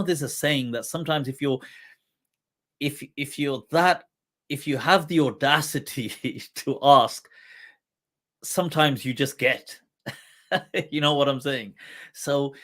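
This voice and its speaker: A male host and religious teacher tells a humorous historical anecdote in relaxed, chatty storytelling, often laughing as he goes and quoting poetry. His mid-range voice moves slowly and unhurriedly.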